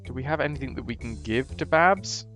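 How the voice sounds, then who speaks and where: A man's voice: medium pitch, animated, fairly quick, music in the background. A man chatting casually and rambling on his live stream from a hotel room. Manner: chatty, rambling, laid-back.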